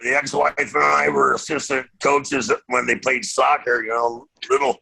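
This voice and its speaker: A man's voice: medium pitch, steady tone, normal speed, vocal fry, bright, forceful tone, breathy edge, poor audio. A middle-aged man telling a laid-back story as a podcast guest.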